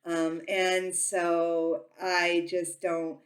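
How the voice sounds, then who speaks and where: A woman who reads tarot, talking casually to her viewers and saying she talks very loudly, with lots of ums and restarts. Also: fairly low pitch, little pitch movement, extremely slow. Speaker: tarot reader and psychic. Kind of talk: casual informational talk to camera.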